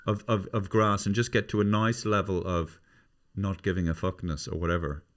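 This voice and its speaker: Irish male podcast host, fairly low, loose sweary talker who restarts his sentences. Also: flat delivery, normal speed, a bit bright. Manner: rambling, sweary, restarts often. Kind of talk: casual family chat.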